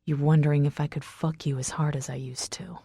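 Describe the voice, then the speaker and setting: A woman voicing a brooding, intense estranged husband who growls his lines in a low, rough, pressing way. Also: normal speed, darkish tone, no echo, studio quality, lightly acted. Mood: low murmur. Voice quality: raspy, growling.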